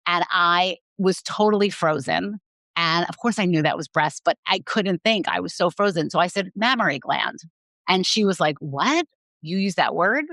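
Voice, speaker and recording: Bright, candid woman therapist. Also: on the low side, normal speed, dry recording. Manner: frank, candid storyteller. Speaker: sex therapist guest. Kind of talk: podcast interview.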